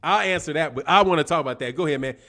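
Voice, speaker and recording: A man's voice: fairly high pitch, rapid-fire, a crowd in the background. A man hosting a boxing live stream, rambling and profane in casual chat. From Chicago. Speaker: boxing show host.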